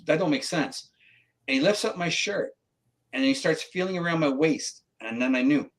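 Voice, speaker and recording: A middle-aged Canadian man appears as a guest psychic in a casual interview, telling a story in an animated way and acting out the voices of its characters. His voice is fairly high, his pace moderate, and the recording rough.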